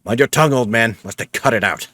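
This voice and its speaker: A man's voice: medium pitch, quick pace, a bit bright, no echo, close to an everyday voice. A man voicing a stern, menacing male guard commander who barks orders and threats in a game. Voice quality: barking, threatening.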